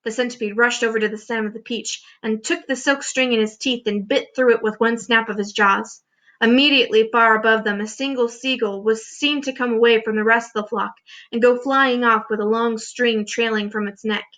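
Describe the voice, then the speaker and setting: A woman teacher reading a children's book aloud with expressive, clear storytelling. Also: fairly high pitch, brisk.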